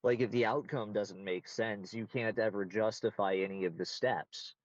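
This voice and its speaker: Male interviewee, low-leaning voice, self-assured and blunt, dry muffled video-call sound. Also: moderate pace, no room sound. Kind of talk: casual conversational interview.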